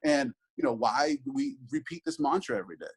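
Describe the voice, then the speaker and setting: A man's voice: mid-range voice, sing-song, fast, slightly rough, rough recording. A man in his thirties, a father, talking earnestly in an interview, reflective and full of restarts and asides. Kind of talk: conversational interview.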